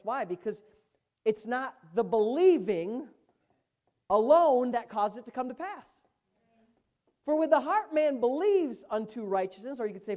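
Fervent woman preacher, animated delivery. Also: fairly high pitch, moderate pace. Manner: emphatic, swinging from hushed asides to fervent loud exclamations. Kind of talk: sermon.

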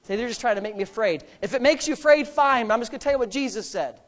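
A male pastor preaching a sermon in a church sanctuary, emphatic, swinging between loud bursts and low asides, with joking asides. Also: lively intonation, racing.

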